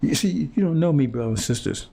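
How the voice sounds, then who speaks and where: A fast, fairly high voice, gravelly, warm and husky, with lively intonation, belongs to a preacher confronting his audience. His monologue is fiery and repetitive, and he stammers and begins again as he searches for words.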